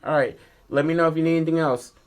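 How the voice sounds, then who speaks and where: A man's voice: fairly high pitch, steady tone, rapid-fire, pitched above the performer's own voice, close to an everyday voice. A man voicing a brassy, friendly female diner waitress in a chirpy, breezy manner.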